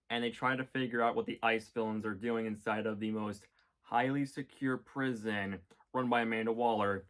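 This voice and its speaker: A man's voice: mid-range voice, fairly bright tone. A man giving a casual, jokey review of cartoon episodes, wandering off topic with many ums and uhs. His voice sits in a middle range for a man. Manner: rambling, jokey, many fillers. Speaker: vlogger reviewing a cartoon series.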